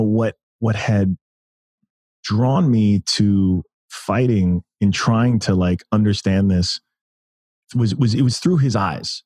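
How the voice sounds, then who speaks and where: Low-voiced storytelling man in his thirties. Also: a little mellow, no room sound, studio quality. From United States. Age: 30s. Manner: storytelling, enthusiastic, many restarts. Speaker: podcast guest. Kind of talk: casual interview chat.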